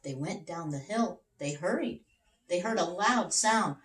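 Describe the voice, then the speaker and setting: A woman teacher reading a children's storybook aloud, slow and expressive; roomy sound with the mic far off. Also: fairly low pitch. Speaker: middle school teacher.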